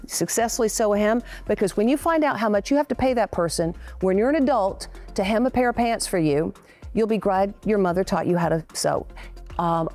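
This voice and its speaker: Woman, 60s, interview guest, candid anecdotes, voices the quoted lines, mid pitch, faint music underneath. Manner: candid and animated, acts out quoted dialogue. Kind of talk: conversational storytelling.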